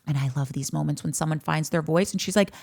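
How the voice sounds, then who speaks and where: This podcast host has a low, gravelly, slightly mellow voice and talks fast. She discusses a reality show casually and animatedly, swearing freely and acting out quotes.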